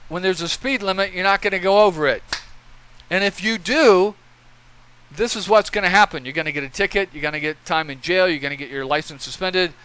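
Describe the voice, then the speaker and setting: A man's voice: sits high, a little fast, bright, forceful tone, smooth, low-quality recording. A man giving opinion commentary in a blunt, profane rant, lecturing and repeating his points.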